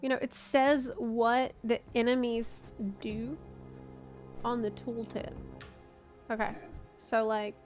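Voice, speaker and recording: A woman's voice: a little high, fairly even intonation, slow, pauses often, darkish tone, faint music behind. A woman in her thirties streaming a game, chatting casually with her chat. She laughs often and swears casually. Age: 30s. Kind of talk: casual live-stream chat while gaming.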